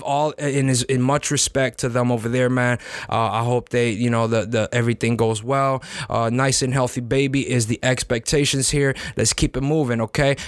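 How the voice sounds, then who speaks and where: A man's voice: on the high side, no echo, clean studio sound. A man hosting a casual solo podcast. He talks in a loose, slangy, rambling way, calling the listener "man" and laughing often. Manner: slangy, rambling, peppers lines with "man" and "you know what I'm saying"; frequent restarts and laughs. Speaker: podcast host.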